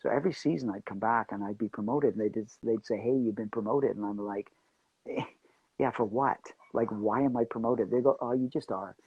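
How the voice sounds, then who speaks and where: A man being interviewed as an actor guest, telling animated anecdotes and acting out the voices of people in them. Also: fairly low pitch, brisk, husky, no echo, phone-quality sound. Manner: animated storyteller acting out quotes.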